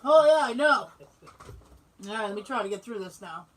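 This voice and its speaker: A woman co-hosting a podcast, telling a story in casual chat, animated and swearing freely. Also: fairly high pitch, moderate pace, far from the mic, a little hiss or hum, low-quality recording. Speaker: podcast co-host.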